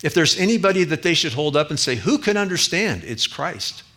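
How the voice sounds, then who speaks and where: A man preaching a sermon as a pastor, earnest, rising to emphatic peaks and dropping quiet again. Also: fairly high pitch, lively intonation, fairly quick.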